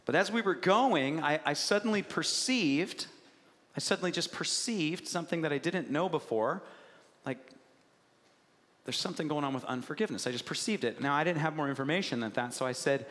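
A man with a voice on the high side, a bit bright and a little fast, preaches a sermon, asking the congregation questions and telling stories with animation. The long reverb of a large hall surrounds the recording.

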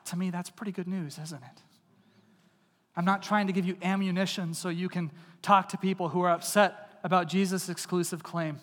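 A man preaches with earnest conviction, pressing his points hard and then dropping to a hush. His voice sits high for a man. It carries a long reverb that fills a large church. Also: fairly even intonation, normal speed. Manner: earnest, swings from loud emphasis to hushed intimacy. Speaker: pastor. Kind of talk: sermon. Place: church sanctuary.

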